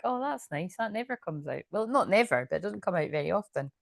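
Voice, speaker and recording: A woman's voice: lowish voice, lively intonation, fast, gravelly, no room sound, clean studio sound. A woman doing a casual, chatty tarot reading, often laughing as she reads card messages aloud. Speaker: tarot reader.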